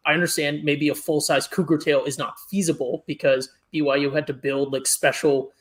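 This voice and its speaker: A man co-hosting a podcast, ranting in an animated, exasperated way during a casual food-ranking chat. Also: on the high side, fairly quick. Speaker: podcast co-host.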